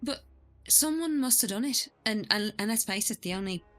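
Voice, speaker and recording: Lively, hesitant woman at a tabletop game. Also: medium pitch, moderate pace, soft background music. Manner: hesitant, many fillers, lively speculation. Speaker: player. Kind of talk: tabletop role-play in character.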